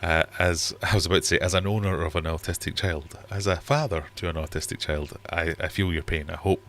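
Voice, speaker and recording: Geordie bloke rambling on a home livestream, low voice, chatty. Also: male voice, fairly even intonation, brisk, fairly bright tone, slight background noise. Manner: rambling, chatty, reads out comments. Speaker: livestream host. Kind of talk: casual livestream chat. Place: home fish room.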